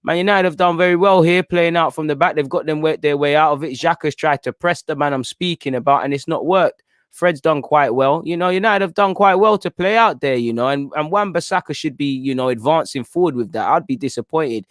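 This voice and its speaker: A young watchalong host with a slightly high voice and fairly quick delivery offers chatty live fan commentary on a football match, imploring the players and referee as things unfold. The recording is dry and studio-clean.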